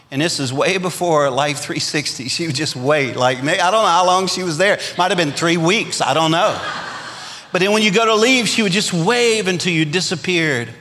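A middle-aged pastor from Louisiana with a Cajun accent preaches in a sanctuary with a long hall echo. His voice sits high and sounds bright and forceful. He builds his points with rising emphasis and calls out for amens. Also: a little hiss or hum. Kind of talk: sermon. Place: church sanctuary.

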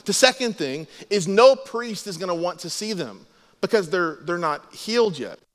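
A man's voice: high-pitched, animated, moderate pace, long reverb tail. A man preaching a sermon as a pastor, explaining scripture and acting out the quoted lines.

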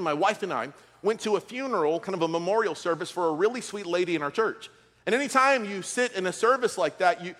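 Pastor, male, middle-aged, high voice; preaches with funny stories, in a big reverberant hall. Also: a bit bright. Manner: storytelling with comic asides. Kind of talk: sermon.

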